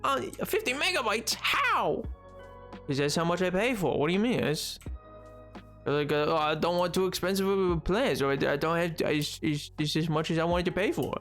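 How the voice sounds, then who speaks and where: An excitable young man streams a game casually, reading the chat aloud and bursting into laughter. His high voice swings wildly in pitch at a moderate pace, with faint music underneath.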